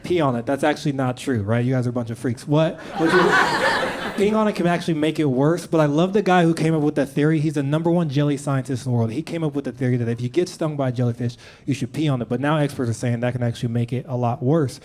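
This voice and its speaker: A man doing a stand-up set in a club, animated storytelling with quick put-on voices. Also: medium pitch. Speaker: stand-up comedian. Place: comedy club stage with audience. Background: audience laughter.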